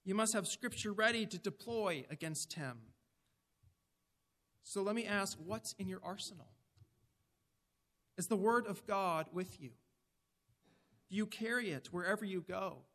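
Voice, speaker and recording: A man's voice: high voice, measured pace, long pauses, a bit bright, big-room sound. A man preaching a sermon in an earnest, emphatic way, putting direct questions to his listeners.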